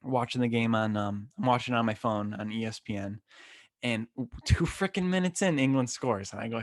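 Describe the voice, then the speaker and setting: Excitable young man. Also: medium pitch, moderate pace. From Western New York. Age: 20s. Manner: animated, rambling, slangy and excitable. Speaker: podcast host. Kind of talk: casual solo podcast storytelling. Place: temporary room, not his usual setup.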